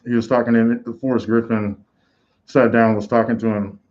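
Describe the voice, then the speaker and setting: A man's voice: mid-range voice, flat delivery, moderate pace, a little mellow, dull audio. A man hosting a live combat sports reaction stream, talking in a casual, rambling way with lots of fillers. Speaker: host.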